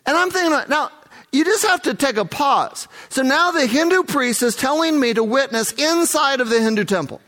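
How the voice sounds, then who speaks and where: A man's voice: very high-pitched, expressive, normal speed, a bit bright. A man working as a missionary tells a first-person testimony story, earnest and vivid, acting out the dialogue.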